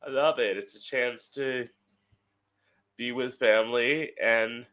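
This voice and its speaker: A man's voice: medium pitch, fairly even intonation, slow pace, fairly bright tone. A young man hosting his own podcast from home, talking casually in a chatty, sardonic way and swearing freely. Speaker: podcast host. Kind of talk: casual solo podcast monologue.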